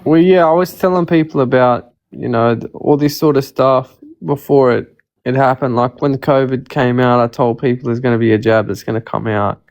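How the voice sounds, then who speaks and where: A man talking as a guest in a casual chat, relaxed and loose, linking thoughts with "like". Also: mid-range voice, normal speed.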